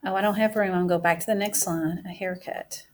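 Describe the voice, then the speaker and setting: A woman teacher giving a classroom writing mini-lesson, speaking slowly and deliberately as she writes each word aloud. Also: medium pitch, steady tone, a little mellow.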